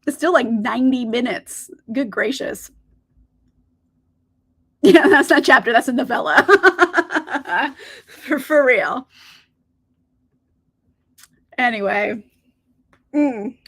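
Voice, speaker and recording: A woman with a high voice hosts a live reading stream and chats easily with her viewers. She laughs often and talks loosely, with an occasional swear. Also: animated, slow, pauses often, a bit bright, slightly rough. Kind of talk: casual chat to live viewers.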